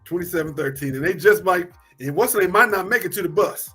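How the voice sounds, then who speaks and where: A man's voice: high-pitched, fairly quick, pushed and bright, husky, faint music behind. A man co-hosting a casual sports talk show, loose and repetitive, laughing easily as he talks picks.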